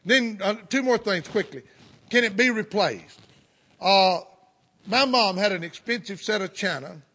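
Here a middle-aged Southern US preacher speaks in a high-pitched, sharp-toned voice. He spins folksy stories through his sermon, interrupting himself with fervent praise and amens.

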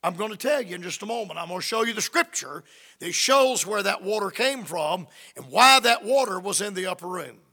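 A man's voice: high-pitched, lively intonation, brisk, bright, forceful tone, in a large hall. A man preaching a fervent sermon, reading scripture and acting out the quoted lines.

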